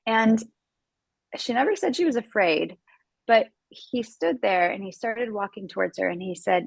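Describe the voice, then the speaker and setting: A woman's voice: on the low side, moderate pace, gravelly, slightly rough, no echo, low-quality recording. An American woman, a podcast guest, talking earnestly in casual conversation, with many fillers and restarts.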